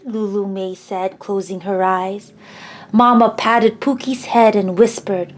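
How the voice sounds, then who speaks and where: A woman reading a children's picture book aloud in an expressive, sing-song storybook manner. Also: medium pitch, measured pace.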